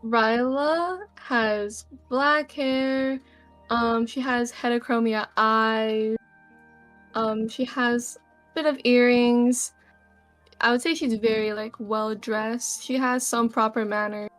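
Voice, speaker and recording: A woman's voice: on the high side, fairly even intonation, slow, a bit bright, dry recording, soft background music. A woman playing a tabletop role-playing game, describing her character casually with many fillers like "like". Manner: casual, filler-heavy speech with frequent "like". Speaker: player.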